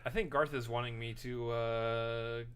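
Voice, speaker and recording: A man co-hosting a casual movie podcast, trading dry jokes with his co-host. His voice sits at a middling pitch. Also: fairly even intonation, a little slow, a bit bright, clean tone.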